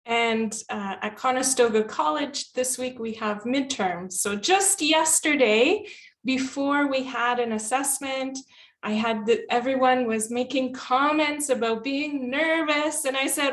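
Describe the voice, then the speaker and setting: A woman's voice: high-pitched, a little slow, far from the mic. A woman teacher, presenting at a workshop in an encouraging, playful way.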